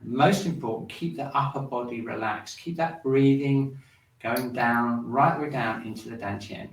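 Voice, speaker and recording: Calm man guiding a breathing class. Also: medium pitch, normal speed. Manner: calm instructive, guiding along with the movements. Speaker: shiatsu teacher. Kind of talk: guided breathing and movement class. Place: room in a shiatsu centre. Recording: roomy sound, mic at a distance.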